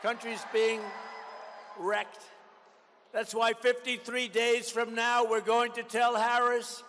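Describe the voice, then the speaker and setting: An older man gives a rally speech in a high, forceful voice that rings out with a long reverb across a big venue. He is combative and mocking and hammers the same phrases again and again, with faint noise underneath. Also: little pitch movement, takes it slowly. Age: 70s. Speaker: political candidate.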